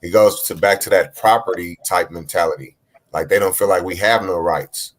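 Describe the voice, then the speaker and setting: A man's voice: low-pitched, normal speed. A man telling a personal story in a casual panel discussion, with frequent fillers. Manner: plain storytelling with many fillers. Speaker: panel guest.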